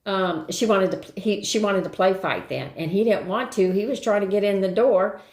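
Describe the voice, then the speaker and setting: A woman's voice: mid-range voice, moderate pace, a little mellow. An older woman hosting a live stream, telling a rambling everyday story in casual chat and greeting viewers along the way. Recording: roomy echo.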